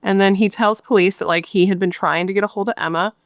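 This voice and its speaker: A true crime podcast host speaks in a mid-range voice with fairly even intonation, talking fast. She tells the case casually and bluntly, swears freely, and retells dialogue in a chatty way. The sound is clean studio audio with no echo.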